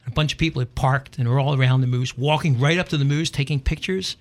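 Speaking at a medium pitch and a quick pace, this middle-aged man is a radio host performing a humorous monologue. His stories are dry and deadpan, each capped with a wry punchline.

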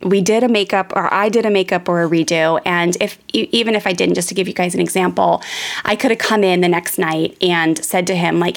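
A woman's voice: lowish voice, steady tone, brisk, gravelly. A woman in her thirties, a parenting educator and host, telling a candid personal story in a chatty way full of fillers. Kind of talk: casual storytelling monologue.

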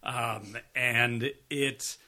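A man's voice: mid-range voice, steady tone, very slow, pushed and bright. A man co-hosting a podcast, chatting casually in a rambling style and swearing now and then. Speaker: podcast co-host. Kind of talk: casual review chat.

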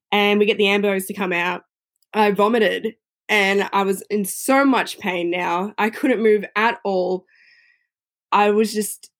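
A woman recounts a personal story in a relaxed, conversational flow. Her voice sits at a middling pitch, and she sprinkles her talk with easy fillers. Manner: chatty, frequent "you know" fillers.

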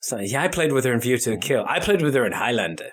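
A man's voice: medium pitch, very animated, fast, fairly bright tone, breathy edge. A man co-hosting a casual film podcast, teasing the others and laughing often. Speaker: podcast co-host.

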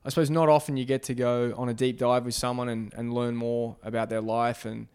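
Gravelly man hosting a podcast. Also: mid-range voice, little pitch movement, darkish tone. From Australia. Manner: halting, restarts phrases, many fillers. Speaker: podcast host. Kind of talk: casual interview chat.

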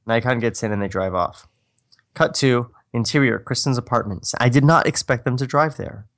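A man's voice: mid-range voice, moderate pace, fairly bright tone. A man reading aloud an old screenplay and joking about it in a wry, profane way. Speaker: co-writer reading his screenplay. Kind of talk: script reading with comic commentary.

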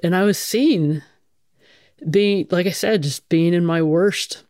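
A woman's voice: on the low side, takes it slowly, a little mellow, no echo, studio quality. Blunt, candid middle-aged woman firefighter. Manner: blunt, casual and profane, with many fillers. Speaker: firefighter telling her story. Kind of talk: candid conversational storytelling.

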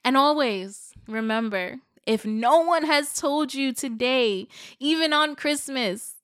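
Young woman host, casual solo podcast chat, chatty and emotional; smooth, dry close-mic sound. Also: high voice, slow, a bit bright, no room sound.

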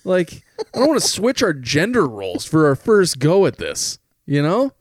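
A man's voice: fairly high pitch, normal speed, no room sound, studio quality. A podcast co-host, a man, telling a rambling comedic story in casual chat and swearing freely. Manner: rambling, swears often, lively anecdotes.

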